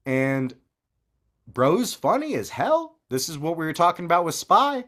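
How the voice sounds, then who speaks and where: Man, podcast co-host, lively swinging pitch, profane and rambling casual chat. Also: unhurried. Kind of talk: casual movie review chat.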